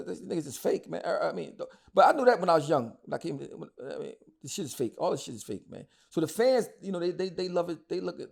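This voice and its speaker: A man's voice: on the high side, gravelly, a little mellow. A man, talking bluntly and heatedly as an interview guest, often repeating words as he goes. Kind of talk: casual interview talk.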